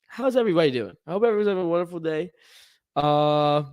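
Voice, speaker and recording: A man's voice: a little high, expressive, fast, darkish tone, clear, resonant tone. A young man co-hosting a sports livestream, chatting casually and rambling while he waits for his partner, yawning now and then. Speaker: podcast co-host.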